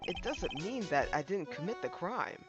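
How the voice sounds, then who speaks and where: A woman's voice: lowish voice, big pitch swings, normal speed, muffled recording, over music. A woman reading the lines of a young male defense attorney in a dry, wary way, close to her own voice.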